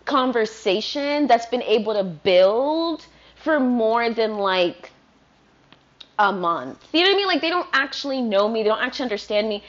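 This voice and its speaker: A woman's voice: on the high side, highs cut off. A woman from Virginia hosting a podcast, talking in a loose, rambling monologue with lots of swearing, recorded in her apartment. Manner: swears a lot, loose and ranting. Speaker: podcast host.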